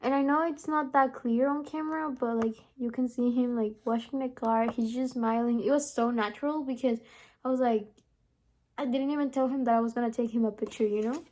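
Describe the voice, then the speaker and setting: A young woman chatting to the camera in a relaxed vlog, rambling and filling her talk with "like" and "honestly". Her voice is fairly high but soft and mellow. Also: a little fast. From from abroad, lives in the US. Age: young adult. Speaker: vlogger. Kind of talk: casual vlog chat to camera.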